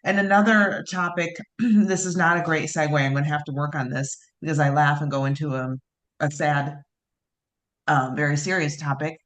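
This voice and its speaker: A woman co-hosting a podcast in casual chat, measured and hesitant with many ums. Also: low-pitched, little pitch movement, a bit bright. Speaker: podcast co-host.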